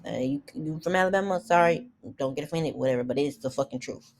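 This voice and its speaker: A woman's voice: sits low, fairly quick, a little mellow. A young woman recapping a reality show in blunt, profane, opinionated casual commentary.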